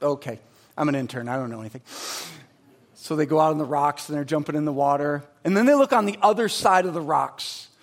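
A man in his forties, a pastor, preaching a sermon with energetic storytelling and emphatic, rising delivery. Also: fairly high pitch, fairly quick.

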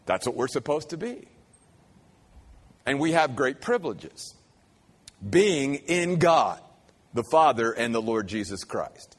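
A man preaching a sermon as pastor of his church, emphatic and rhythmic, slowing down to stress key phrases and repeating lines for effect. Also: mid-range voice, big pitch swings, big-room sound.

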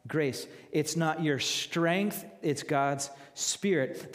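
A middle-aged man preaching a sermon as pastor, emphatic and repeating his phrases for weight. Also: in a large hall. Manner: emphatic, repeats phrases, rises in pitch when quoting scripture.

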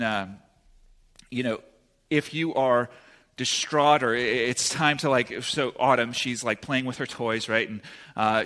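A young man preaching in a relaxed, talky manner, with a bright, forward tone at a middling pitch. He keeps checking in with the congregation as he goes. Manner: casual, often checks in with "right?". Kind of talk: conversational sermon.

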